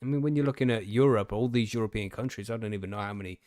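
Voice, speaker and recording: A man's voice: on the low side, racing, darkish tone, no room sound, clean studio sound. A man co-hosting a podcast, chatting casually, swearing now and then and reading news aloud. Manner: laid-back, swears casually, laughs often. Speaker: podcast co-host.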